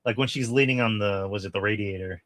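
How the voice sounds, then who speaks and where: A podcast co-host with a lowish voice talks fast in a recording with no echo. Chatting casually about a horror film in a movie review, he's animated, swears a lot, and acts out lines from the movie.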